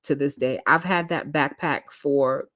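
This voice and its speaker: A woman telling a personal story in casual chat, animated, acting out quotes and laughing often. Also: low-pitched, measured pace, no room sound, clean studio sound. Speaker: storytime host.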